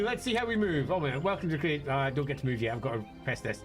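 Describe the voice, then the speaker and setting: A man's voice: a little high, expressive, fast, few pauses. A man casually commenting on a game live stream, chatty and self-mocking. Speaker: streamer playing a video game. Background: faint game music.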